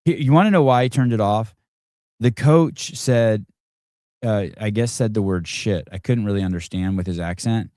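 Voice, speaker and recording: A man's voice: lowish voice, normal speed, dark tone, dry recording, studio quality. A man hosting a live stream, chatting casually in a rambling, joking way with frequent swearing. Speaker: podcast host.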